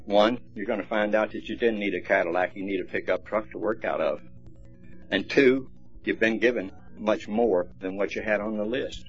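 A man's voice: lowish voice, moderate pace, slightly rough. A man speaking at a recovery meeting, telling stories in a folksy, plainspoken way. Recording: dull lo-fi recording, faint music.

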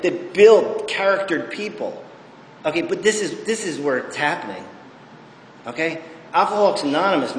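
Fairly high-pitched, a middle-aged man at a recovery meeting tells his story bluntly and profanely, with emphasis, regularly pausing to ask the room "okay?". The echoey hall adds long reverb, and a little hiss or hum can be heard.

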